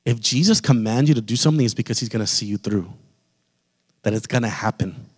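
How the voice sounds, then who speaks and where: Speaking a little fast, with a fairly low pitch and a breathy edge, a male pastor delivers an impassioned sermon straight to his congregation. The church hall adds a long reverb.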